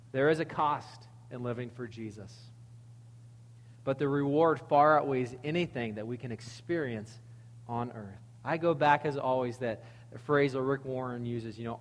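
A man preaching a sermon in a conversational, animated way, reading verses and acting out quotes. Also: medium pitch, long reverb tail. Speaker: pastor.

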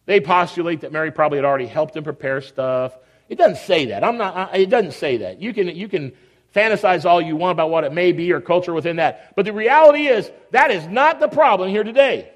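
A man preaching a sermon in a conversational, animated way, acting out everyday scenes. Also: sits high, a little fast, long reverb tail.

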